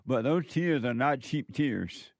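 A man's voice: mid-range voice, expressive, takes it slowly, dry recording. A man giving a preachy, sarcastic commentary on a news clip, mocking and repeating his phrases for emphasis.

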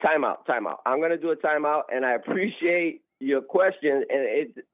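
A man's voice: on the high side, lively intonation, normal speed, no echo. A man calling in to argue about religion, preachy and agitated, often talking over the other speaker, heard through a phone line. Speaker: caller. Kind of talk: heated religious argument on a call-in show.

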